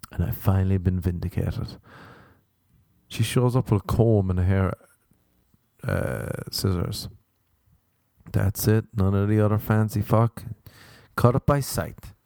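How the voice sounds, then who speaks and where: A man hosts his podcast alone, drifting through profane, self-mocking rants in a casual monologue. His voice sits on the low side and sounds mellow. The sound is dry and close to the mic. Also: creaky, dry recording. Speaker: podcast host. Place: Los Angeles.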